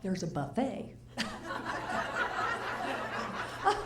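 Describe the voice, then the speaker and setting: Here the same kind of act comes through a medium-pitched female voice whose pitch swoops wildly as she draws out her words. She's an older comedian on stage in front of a live crowd, chatty, asking the audience questions and now and then playing the characters she describes. The venue sounds roomy.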